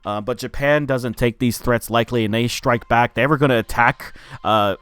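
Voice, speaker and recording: A man's voice: medium pitch, normal speed, a bit bright, clear, resonant tone. A man casually recapping a movie plot for his review channel, loose and profane, with lots of filler words. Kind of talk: casual spoken film review.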